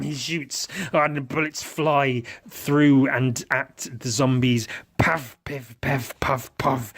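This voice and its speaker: A podcast host who paints miniatures narrates playfully in a slow, husky, mid-range male voice with a fairly bright tone, swearing a lot and making sound effects with his mouth.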